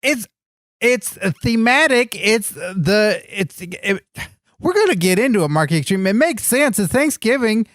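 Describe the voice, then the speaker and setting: A man's voice: high-pitched, very animated, a little slow, a bit bright, no echo, studio quality. A man co-hosting a comedy podcast, earnestly enthusiastic in a goofy way. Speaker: podcast co-host. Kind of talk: comedic banter.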